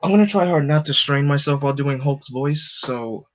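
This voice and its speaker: A man's voice: fairly high pitch, moderate pace. A man casually reading a comic aloud live, chatting with asides between scenes, on a slightly dull recording. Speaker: live reader.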